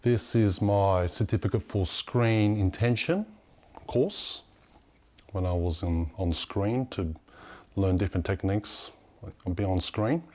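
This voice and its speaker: Halting low-voiced male actor. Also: darkish tone. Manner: halting, plain presenting. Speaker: actor showing his credentials. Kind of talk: casual narration.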